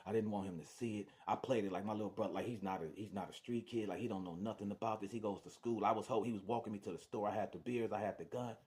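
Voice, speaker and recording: Deep-voiced man, casual storyteller, repeats himself and acts out the other voices. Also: quick pace, few pauses. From Detroit. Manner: animated, acts out voices, restarts and repeats words. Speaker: storyteller sharing his testimony.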